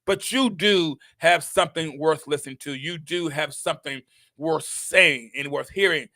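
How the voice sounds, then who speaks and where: An older man hosting a show, preaching a motivational message with impassioned repetition that rises into shouts. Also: fairly high pitch, normal speed, dry recording. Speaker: host.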